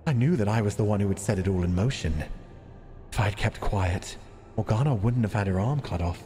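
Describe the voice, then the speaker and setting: A man reading as a guilt-ridden, weak young man, narrating his own wrongs in a hushed, anguished tone. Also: deep voice, big-room sound, slight background noise, pitched below the performer's own voice, natural voice. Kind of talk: visual novel read-aloud.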